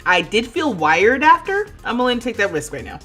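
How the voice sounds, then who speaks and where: A woman in her thirties chatting casually on a livestream while she plays, laughing often and thinking out loud. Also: on the high side, sing-song, moderate pace, faint music behind. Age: 30s. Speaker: streamer.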